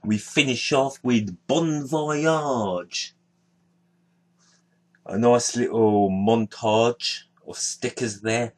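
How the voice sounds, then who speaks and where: Slow, unhurried man presenting his collection. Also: medium pitch, darkish tone. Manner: unhurried, listing names one by one. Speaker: sticker album collector, video host. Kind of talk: casual show-and-tell narration.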